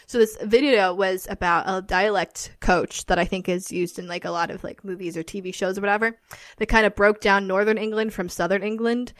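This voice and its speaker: A woman's voice: medium pitch, fairly even intonation, brisk, no room sound. A woman co-hosting a casual chat podcast, rambling with many filler words. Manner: rambling, lots of "like". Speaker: podcast co-host.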